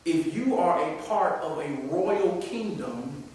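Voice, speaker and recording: Male pastor, middle-aged, high-pitched sermon delivery from quiet to loud playful scolding; very echoey church, faint hiss. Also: expressive, slow. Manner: swings from hushed talk to loud, playful scolding. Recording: very echoey hall, far-off mic, faint hiss.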